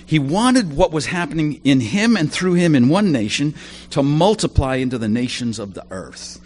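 A male preacher talks through a sermon in an easy, conversational way, full of asides and personal stories. His pitch rises and falls freely as he speaks. A faint hum sits under the recording.

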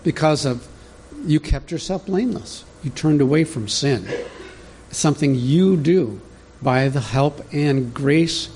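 Mellow-voiced male pastor preaching. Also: fairly high pitch, measured pace, slight background noise. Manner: conversational, teaching from an outline, talks directly to the congregation. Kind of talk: sermon.

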